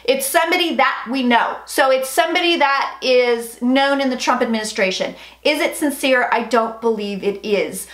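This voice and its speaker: A young woman with a high, fairly bright voice hosts a casual tarot livestream as a psychic, speaking at a moderate pace with few pauses. She's chatty and frank, swears, and reads viewer comments aloud. The room is echoey, with faint background noise.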